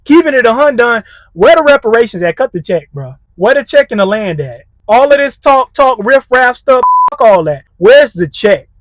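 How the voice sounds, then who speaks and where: A man's voice: extremely high pitch, sing-song, normal speed, hardly any pauses, dry recording. Heated slangy man reacting to clips. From United States. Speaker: commentary channel host. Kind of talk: reaction commentary.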